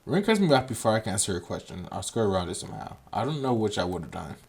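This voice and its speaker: A man's voice: lowish voice, big pitch swings, fast, vocal fry, husky. A man hosting a game playthrough, chatting with viewers and reading the story aloud, often laughing self-consciously. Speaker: let's play host.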